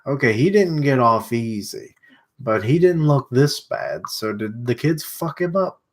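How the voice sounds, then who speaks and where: A man's voice: mid-range voice, lively intonation, a little slow. A young man streaming a live comic readthrough, making crude joking asides, with a stuffy nose.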